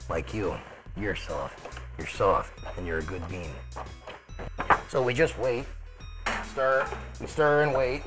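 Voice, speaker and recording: A man's voice: on the low side, fairly even intonation, slow pace, long pauses, low-quality recording. A man streaming live as a mild, rambling Italian TV detective while he cooks chili, muttering asides to himself over faint music. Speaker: streamer cooking chili in character. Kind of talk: live cooking stream, in character.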